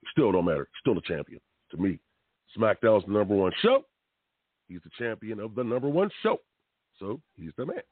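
A man's voice: lowish voice, no echo. A man hosting a wrestling talk show, giving fiery, rambling opinions full of slang and pleading asides. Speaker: radio host. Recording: tinny phone-like dry sound.

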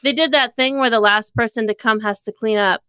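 A woman reading a comedic story aloud in a deadpan storytelling manner on a close studio mic. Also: fairly high pitch, brisk, smooth, no room sound. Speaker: co-host reading fan fiction.

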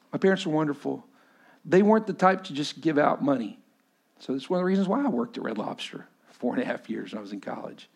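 A man from West Texas with a Texan accent, preaching a sermon and telling a personal story, swinging from loud to hushed. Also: medium pitch, gravelly. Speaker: pastor.

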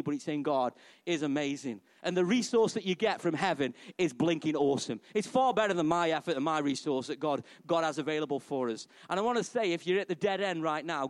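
A middle-aged pastor delivers a sermon in a lively, chatty style, often turning to the congregation with questions. His voice sits a little higher than most men's. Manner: animated, conversational preaching with questions to the congregation.

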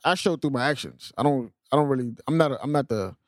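A man in his thirties co-hosting a casual podcast chat, laid-back and profane, talking in quick bursts with restarts. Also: mid-range voice, no echo, studio quality. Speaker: podcast co-host.

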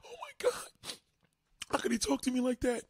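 A man voicing an upset young woman who pleads and cries in a high, shaky voice. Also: fast, vocal fry, husky, no room sound, exaggerated voice. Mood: tearful.

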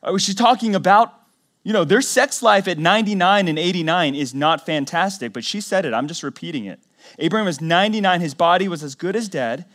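Man, pastor, sermon, fairly high pitch, conversational, dynamic emphasis. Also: lively intonation, a little fast. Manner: conversational storytelling with acted quotes; swings between loud emphasis and low quiet lines.

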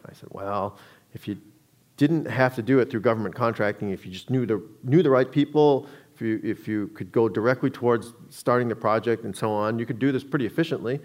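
A man's voice: fairly low pitch, brisk. A man giving a public talk to an audience, telling a story in a conversational way with frequent restarts.

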